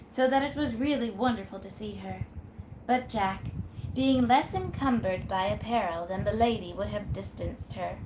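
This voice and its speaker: A woman reading a classic novel aloud in a measured way, in a roomy space. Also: on the high side, background noise. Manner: measured reading with acted voices. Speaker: storyteller. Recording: roomy echo.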